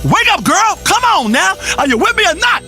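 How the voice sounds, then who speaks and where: An unhinged self-help doctor hosting a game's talk radio show, his voice pitched very high and bright as it swoops wildly across its range. He rants theatrically, crooning one moment and shouting the next. The sound is dry and close, with faint music underneath. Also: sing-song, moderate pace, exaggerated voice. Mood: manic. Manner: theatrical, ranting, swings between crooning and shouting. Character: flamboyant erratic male radio health guru. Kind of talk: comedic radio show acting.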